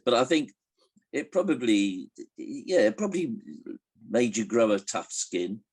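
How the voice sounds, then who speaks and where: A man's voice: medium pitch, very animated, unhurried, a little mellow, husky. An older man telling anecdotes in an interview, hesitant with many restarts, chuckling as he tells jokes. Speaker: interviewee recalling a comedian. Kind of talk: relaxed anecdotal interview answers.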